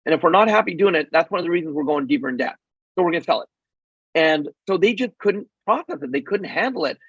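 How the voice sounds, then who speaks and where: A middle-aged man with a slightly raised, husky voice tells a story as an interview guest. He is animated and acts out the dialogue. The sound is dull, lo-fi and dry. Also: high voice, fast, no echo. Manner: animated, acts out quoted dialogue, frequent ums. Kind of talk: casual storytelling in a podcast interview.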